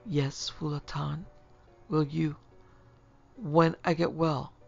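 A narrator voicing a wounded middle-aged man with a hoarse, croaking voice, in a dull lo-fi recording. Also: on the high side, steady tone, slow, faint music behind, exaggerated voice. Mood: weak.

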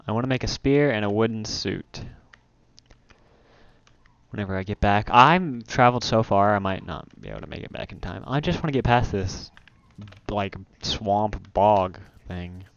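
A smooth, resonant male voice chatting casually through a co-op game session, easily startled and quick to blurt out loud exclamations. It comes through a dull, lo-fi home mic. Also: fairly low pitch. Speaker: let's play host. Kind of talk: casual gaming chat.

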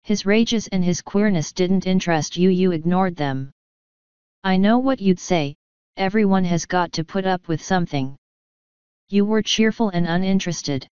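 Woman voicing a bitter young woman, scornful, cold clear voice, crisp, dull dry recording. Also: on the low side, moderate pace, darkish tone, dry recording, natural voice.

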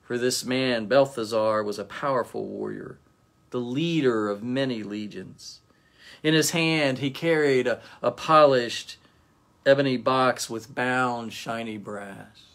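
Male pastor, storytelling devotion, gravelly mid-pitch voice. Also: a little slow. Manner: gentle storytelling.

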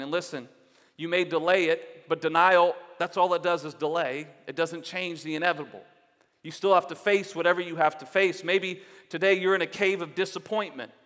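A man's voice: a little high, a bit bright, big-room sound. A male pastor preaching a sermon in an earnest, exhorting way, repeating phrases for emphasis. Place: church sanctuary.

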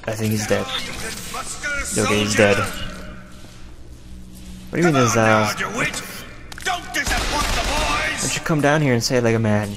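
A man's voice: on the low side, measured pace, pauses often, heavy background noise. A young man casually commenting on a video game he is playing, rambling, profane and sarcastic. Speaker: gameplay commentator. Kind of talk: casual let's play commentary.

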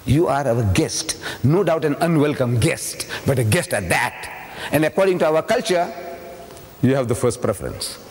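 A man giving a public religious lecture as an animated storyteller who fires rhetorical questions at his audience. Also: mid-range voice, normal speed. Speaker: Islamic lecturer. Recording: echoey hall with long reverb.

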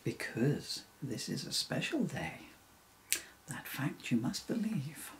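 A man reading a rhyming children's story aloud in an expressive, sing-song way. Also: mid-range voice, slow, a little hiss or hum, rough recording.

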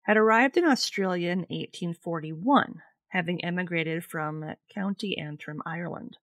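A woman co-hosting a casual podcast, reading from her notes in a relaxed way. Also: fairly low pitch, moderate pace, dry recording. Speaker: podcast co-host, researcher.

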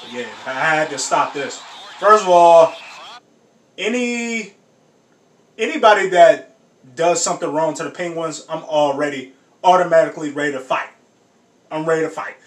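A high-voiced man hosts a sports reaction video, chatting in loose slang and bursting into shouts and laughter. He sits some distance from the mic in a roomy, echoing space. A faint hiss runs underneath. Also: moderate pace, pauses often. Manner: animated, laughing often, slangy exclamations. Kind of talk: casual reaction commentary.

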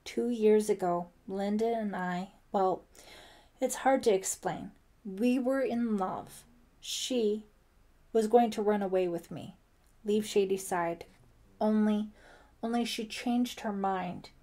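A woman's voice: medium pitch, takes it slowly, mellow, lightly acted. A woman voicing a desperate young man in an audiobook, pleading and tense. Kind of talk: audiobook character voice.

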